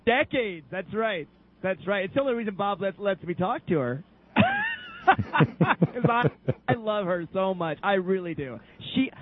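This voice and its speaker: A man co-hosting casual radio talk, effusive and quick to laugh. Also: high voice. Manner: effusive, warm praise, laughs easily. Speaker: co-host. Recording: tinny phone line.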